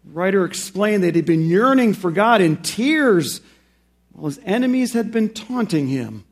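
High-voiced man preaching a sermon. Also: expressive. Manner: preaches with slow, emphatic rises on key phrases; drops low and quiet for reflective points. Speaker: pastor.

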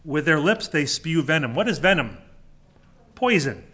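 Male preacher, slightly high voice, emphatic sermon delivery with repeated questions. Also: sing-song, normal speed, pushed and bright, husky. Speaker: pastor.

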